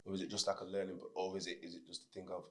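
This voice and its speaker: A podcast host with a very low voice asks questions in an easygoing, conversational way. A faint hiss sits under the recording. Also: male voice, monotone, rapid-fire. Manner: laid-back, affirming with frequent murmurs. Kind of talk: casual podcast chat.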